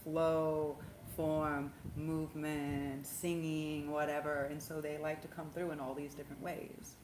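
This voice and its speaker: A woman talks loosely and animatedly on a livestream, swearing and laughing as she rambles. Her voice sits low, and the room around her rings with echo. A faint hum lingers underneath. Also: little pitch movement, measured pace. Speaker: spiritual livestream host, tarot reader. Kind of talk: casual livestream chat. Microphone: phone.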